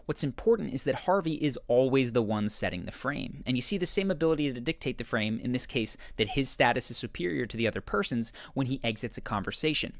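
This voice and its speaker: A man narrating a scripted video essay that explains confident behavior, in a measured, explanatory way. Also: medium pitch, lively intonation, creaky, dry recording. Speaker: commentator analyzing a TV character.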